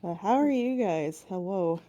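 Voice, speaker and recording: A soft-spoken woman from Florida drawls through a casual group voice chat. She sounds a little congested from allergies. Her voice sits fairly low, mellow and dark. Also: expressive, a little slow, highs cut off. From Florida, USA.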